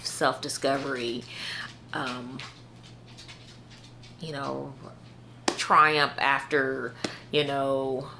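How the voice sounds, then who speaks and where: Low-voiced, unhurried woman chatting about books. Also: pushed and bright, a little hiss or hum. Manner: chatty, full of "like" and "you know"; earnest, heartfelt enthusiasm. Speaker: book reviewer. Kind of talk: casual book review chat.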